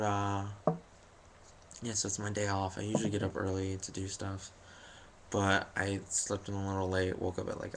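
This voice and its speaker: A man's voice: on the low side, gravelly, a bit bright, a little hiss or hum. A young man telling a story about his day to camera, rambling and jokey, with lots of fillers and self-deprecating asides. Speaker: vlogger.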